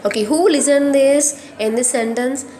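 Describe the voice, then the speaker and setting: A woman's voice: high voice, dark tone. Indian woman teacher explaining a grammar lesson. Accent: Indian English. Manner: repeats sentences slowly, spells out words, checks with "okay".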